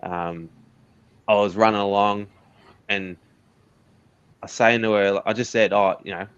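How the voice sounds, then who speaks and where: A man's voice: on the low side, fairly even intonation, takes it slowly, fairly bright tone, smooth, no echo, highs cut off. A man with an Australian accent, an interview guest candidly telling a personal story in casual conversation. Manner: candid, earnest storytelling with laughs.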